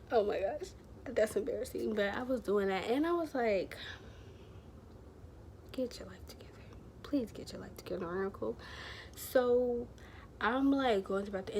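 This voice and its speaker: A woman's voice: medium pitch, a little mellow, a little hiss or hum. A woman vlogger telling a personal story to camera, rambling and chatty, full of fillers and slang.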